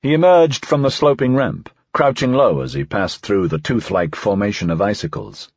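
A man narrating a fiction audiobook in an expressive, varied reading. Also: on the low side, moderate pace, slightly rough, dry recording, highs cut off.

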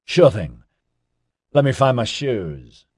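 A man voicing a laid-back, chatty young man who talks in hippie slang with an excitable drawl. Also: medium pitch, slow pace, breathy edge, no room sound, studio quality, pitched above the performer's own voice, exaggerated voice. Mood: cheerful.

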